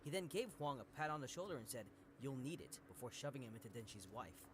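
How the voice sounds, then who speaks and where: A man's voice: medium pitch, expressive, fast, crowd noise, lightly acted. A man voicing a thoughtful young male detective colleague in a visual novel, reporting in a matter-of-fact way.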